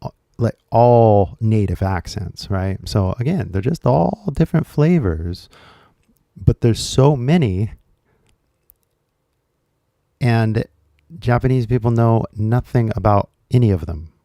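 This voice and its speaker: Man, English teacher, casual rambling talk, low mellow tone, dry close sound. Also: animated, slow pace, vocal fry, pauses often, dry recording. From California. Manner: chatty, rambling, full of fillers.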